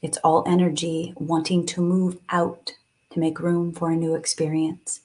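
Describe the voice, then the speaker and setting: A woman's voice: low-pitched, little pitch movement, measured pace, darkish tone, breathy edge. A woman guiding a live tapping and breathing session, speaking soothingly and coaxingly, with sighs and moments of emotion.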